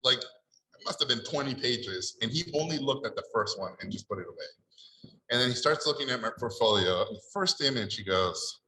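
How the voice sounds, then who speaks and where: A man's voice: medium pitch, normal speed, roomy sound, a little hiss or hum, poor audio. A middle-aged man from Mexico, telling stories on a panel and acting out the people in them. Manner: animated, acts out the people in his stories. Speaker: panelist at an art event. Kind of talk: storytelling at a panel Q&A.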